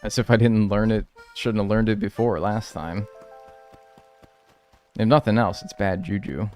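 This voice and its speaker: A man's voice: lowish voice, steady tone, a little slow, a little mellow, soft background music. A man casually chatting with viewers during a live game stream, rambling and wry as he thanks people by name. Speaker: gaming livestreamer. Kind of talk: casual live-stream chat while playing.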